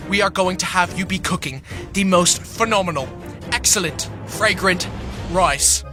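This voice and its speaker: A man's voice: high-pitched, a little slow, over music. A man doing a brusque celebrity chef. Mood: grand. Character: stern male celebrity chef judging food.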